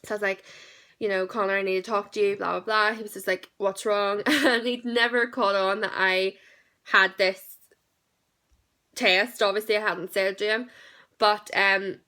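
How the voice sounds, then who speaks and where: Bright-voiced young woman. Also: mid-range voice, fairly even intonation, normal speed. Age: late teens. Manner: chatty and candid, with frequent "like" and "um" fillers. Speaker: vlogger. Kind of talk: personal storytelling vlog.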